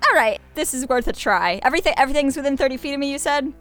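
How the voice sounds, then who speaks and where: A woman's voice: high voice, expressive, racing, a bit bright, faint music behind. Playful woman player asking questions. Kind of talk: casual tabletop game chat.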